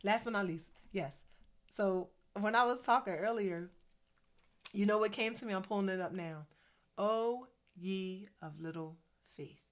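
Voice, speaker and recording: Woman in her 50s, chatty faith vlog, animated asides, preachy. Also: medium pitch, moderate pace. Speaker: faith vlogger. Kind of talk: casual faith-based vlog talk.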